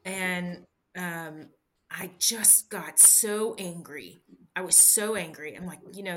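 Woman, interview guest, candid storytelling, halting with restarts, crisp bright tone. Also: lowish voice. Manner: halting, frequent restarts and fillers. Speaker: interview guest, bikepacking racer.

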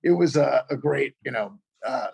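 A middle-aged man, an actor guest, telling a story in a casual, animated way, full of "you know" fillers. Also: mid-range voice, normal speed, gravelly, slightly rough.

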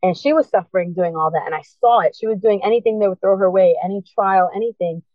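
This is a quick, heartfelt testimony from a woman whose voice sits in the middle range; she recreates remembered exchanges as she tells it. Her personal story comes through a dry, tinny recording that resembles a phone call.

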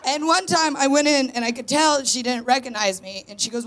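A woman's voice: fairly high pitch, steady tone, brisk, few pauses, a little hiss or hum. A woman in her thirties doing a chatty, self-deprecating stand-up set on a stage before a live audience. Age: 30s. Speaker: stand-up comedian guest.

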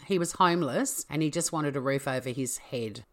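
A woman's voice: rumbling low, moderate pace. A woman hosting a true-crime podcast, chatty and playful, correcting herself as she goes. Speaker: podcast host.

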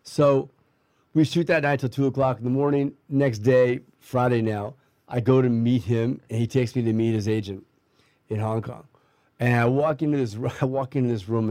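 A warm, mid-range male voice, recorded dry, belongs to a middle-aged guest casually telling a long life story. He rambles, restarts, uses many fillers and acts out what people said.

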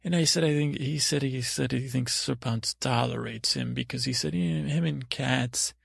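A man playing a dim, dreamy young prince, telling an improvised comic bedtime story in a meandering, halting way. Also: mid-range voice, gravelly, slightly rough, no room sound, clean studio sound. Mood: dreamy rambling. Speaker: podcast host.

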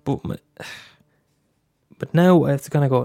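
A young Irish man hosting his own podcast in a relaxed, open way, swearing often and tripping into stammered restarts. His voice sits in a middle pitch, recorded dry and close with no room sound. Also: normal speed, vocal fry, dry recording. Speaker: podcast host. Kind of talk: casual solo podcast talk.

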